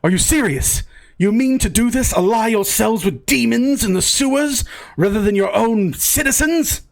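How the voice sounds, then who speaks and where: A man voicing a frightened male townsman in a tabletop game, pleading in sighing, halting words. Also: extremely high pitch, lively intonation, vocal fry, pitched above the performer's own voice, full character voice. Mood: indignant.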